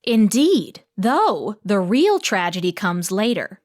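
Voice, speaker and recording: A woman's voice: mid-range voice, very animated, slow, a little mellow. A woman playing a dramatic, gossipy town lady. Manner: dramatic, cackling, coy. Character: theatrical gossipy small-town woman, coy. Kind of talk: audiobook character voice.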